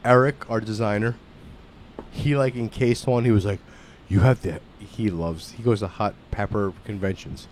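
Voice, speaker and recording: A man's voice: lowish voice, fairly even intonation, normal speed, a little hiss or hum. Profane storytelling man. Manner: loud, profane storytelling with frequent restarts. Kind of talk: casual chat.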